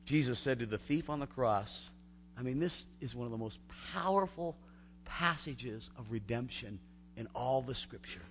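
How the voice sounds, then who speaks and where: Man, pastor, sermon, conversational, mid-pitched voice, loud emphatic peaks, hushed asides. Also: lively intonation, normal speed, slight background noise. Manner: conversational, swinging between loud emphatic build-ups and hushed lines.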